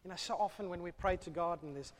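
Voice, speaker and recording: A man preaching a sermon, swinging between loud, fervent calls and hushed, low asides. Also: fast talker, slight background noise. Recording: long hall reverb.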